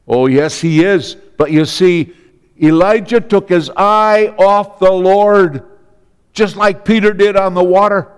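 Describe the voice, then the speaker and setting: A man delivers a sermon at an unhurried, deliberate pace, leaning on repeated phrases and dramatic pauses. His voice sits high and comes through smooth and resonant. It carries the long reverb of a hall. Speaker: preacher.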